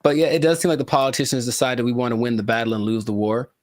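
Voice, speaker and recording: A man co-hosting a casual podcast, talking in a joking, rambling way with animated asides. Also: mid-range voice, racing, no echo, studio quality. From California. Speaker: podcast co-host.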